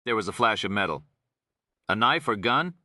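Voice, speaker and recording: A man giving scripted audiobook narration in a steady storytelling delivery. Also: lowish voice, normal speed, no echo, studio quality.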